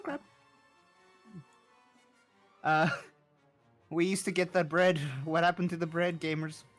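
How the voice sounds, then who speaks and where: A man chatting casually while gaming, joking and halting with fillers. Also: a little high, little pitch movement, soft background music. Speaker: fellow player.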